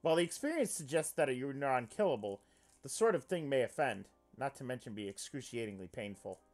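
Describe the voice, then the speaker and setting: A man playing a visual novel on stream, reading its text aloud and reacting in an animated, excitable way, swearing freely. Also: mid-range voice, fairly quick, faint music behind. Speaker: let's player.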